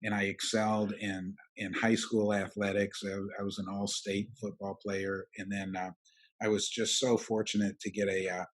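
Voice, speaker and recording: A middle-aged man with a slightly low voice, a guest on an interview podcast. He talks haltingly, restarting his sentences again and again and filling the gaps. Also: level tone. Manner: halting, many restarts and fillers. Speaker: guest, roofing company president. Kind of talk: interview, storytelling.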